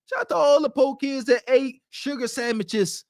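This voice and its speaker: Man, podcast host, blunt, preachy, slangy, high voice. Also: moderate pace, no room sound, studio quality. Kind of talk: casual podcast commentary.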